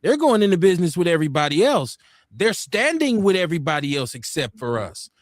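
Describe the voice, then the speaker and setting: An earnest male host with a slightly high voice, recorded dry and close with no room sound. He argues steadily and circles back to repeat his point. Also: big pitch swings, brisk, no echo. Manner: earnest, argumentative, repeats himself to make a point. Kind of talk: live talk show discussion.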